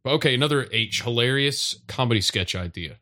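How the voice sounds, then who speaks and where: A man's voice: mid-range voice, expressive, a little fast, sharp tone. A man hosting a podcast, chatting casually in a rambling way with many restarts. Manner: rambling, lots of fillers and restarts. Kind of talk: casual chat.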